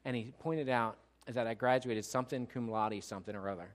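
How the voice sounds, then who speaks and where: A middle-aged man preaching a sermon as pastor, swinging between loud emphatic preaching and quiet personal storytelling. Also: medium pitch, fairly quick.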